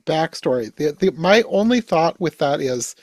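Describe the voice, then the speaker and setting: A man chatting casually on a podcast, relaxed and hedging, often saying "like". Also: on the high side, normal speed, no echo. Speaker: podcast host.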